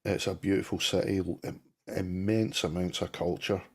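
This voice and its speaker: A middle-aged man with a Glasgow-area Scottish accent, chatting on a live stream. His voice sits very low and sounds husky. He tells long stories with many restarts and plenty of swearing. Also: fairly even intonation, normal speed. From Scotland, Clydebank near Glasgow. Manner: storytelling, swears freely, restarts a lot. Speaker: co-host. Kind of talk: casual chat on a live stream.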